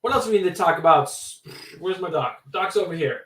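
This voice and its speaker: A man's voice: high-pitched, animated, fairly quick, fairly bright tone, echoey room. A man co-hosting a livestream, chatting casually and laughing along, giving channel announcements. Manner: easygoing, laughs often, chatty asides. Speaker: livestream co-host.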